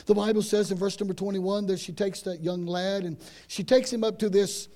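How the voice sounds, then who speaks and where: A man preaching a sermon, retelling a story with dramatic swings from loud to hushed and frequent repeated words. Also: sits high, steady tone, brisk.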